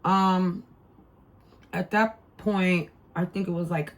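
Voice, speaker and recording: A woman's voice: fairly low pitch, fairly even intonation, slow. A middle-aged woman telling a family story in a casual vlog, rambling and heartfelt, with many fillers and restarts. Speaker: mother and vlogger.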